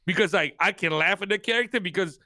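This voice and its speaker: A man's voice: high-pitched, quick pace, sharp tone, no echo, clean studio sound. A man talking as a podcast guest in casual chat, swearing freely and laughing often.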